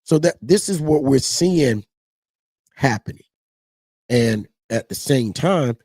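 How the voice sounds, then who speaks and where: A man gives casual political commentary, rambling and animated. His voice is husky and mellow. The sound is dry and close. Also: medium pitch, slow pace, pauses often, dry recording. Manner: animated, rambling, mocks others in put-on voices.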